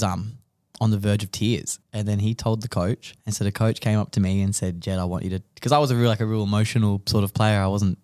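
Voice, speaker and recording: A man's voice: on the low side, a little mellow, no echo, clean studio sound. A young man with an Australian accent, co-hosting a casual podcast and telling an emotional story in a rambling way with many restarts. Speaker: podcast co-host.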